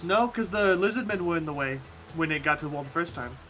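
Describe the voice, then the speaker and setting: Rules-minded man player, slightly high voice. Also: expressive, fast talker, sharp tone, soft background music, rough recording. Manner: arguing rules details. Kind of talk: casual tabletop game chat.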